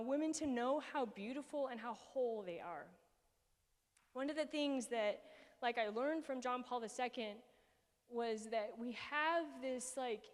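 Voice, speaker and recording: A woman's voice: on the high side, in a large hall. A woman in her forties giving a heartfelt personal talk with slides, earnest and emotional, with many fillers and restarts. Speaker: speaker presenting to a group.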